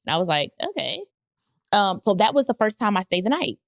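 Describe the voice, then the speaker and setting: Woman host telling a story, lively. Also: fast talker, no room sound, clean studio sound. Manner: animated, jumps to high pitch when quoting others. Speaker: podcast host. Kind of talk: casual storytelling.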